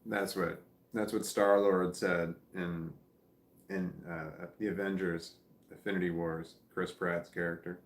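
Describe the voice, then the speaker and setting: A man with a Midwestern American accent hosts a live chat from home, reading viewers' comments aloud and musing on them. His voice is low and sounds tired, and his talk rambles and breaks into chuckles. The room around him is echoey. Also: flat delivery, unhurried. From Missouri, United States. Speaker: livestream host reading chat.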